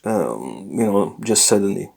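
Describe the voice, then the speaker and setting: Man teaching a lesson, halting and self-correcting. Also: lowish voice, big pitch swings, gravelly, a little mellow, husky. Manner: unscripted, self-correcting, frequent fillers and restarts. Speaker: language teacher. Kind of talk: informal recorded lesson.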